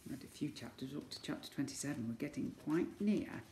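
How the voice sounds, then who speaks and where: A male teacher reading a storybook aloud to young children, animated and acting out the sound effects. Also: a little high, fairly quick, background noise. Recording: echoey room.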